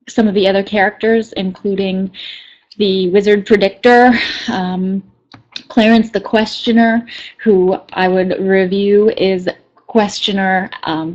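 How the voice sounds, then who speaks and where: A woman presenting a reading lesson for kindergartners, talking quickly with many fillers and restarts. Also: mid-range voice, darkish tone, dull audio. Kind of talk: lesson demonstration and read-aloud.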